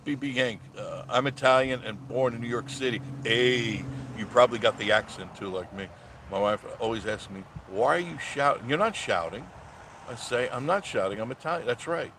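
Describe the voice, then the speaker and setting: Male live-stream host in a parked car, mid-range voice, loud and mocking, light background hum. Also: medium pitch, moderate pace. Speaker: live-stream host reading viewer comments. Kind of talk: casual live-stream chat.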